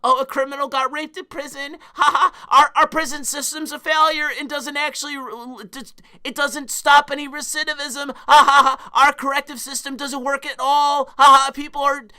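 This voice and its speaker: A man mimicking a smug, jeering man in a high, mocking sing-song voice. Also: level tone, normal speed, pushed and bright, full character voice.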